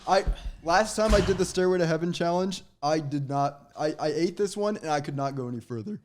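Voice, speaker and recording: A young man with a high voice, letting out groans and joking complaints as he eats spicy wings. Casual podcast chat with a faint hiss behind it. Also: brisk. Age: young adult. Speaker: podcast co-host. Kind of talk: casual chat during a hot wing challenge.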